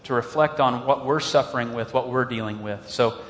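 A man preaching a sermon as pastor, earnest and animated, slowing down on emphatic phrases. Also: mid-range voice, long reverb tail, slight background noise.

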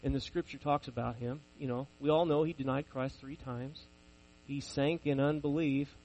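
A man's voice: mid-range voice, steady tone, moderate pace, darkish tone, slight background noise, poor audio. Self-mocking preacher man telling stories. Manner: conversational, self-deprecating storytelling. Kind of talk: sermon with personal stories.

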